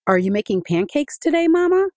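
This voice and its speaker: A woman voicing an eager, excited little village boy in a high, bouncy voice. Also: a little fast, no room sound, clean studio sound.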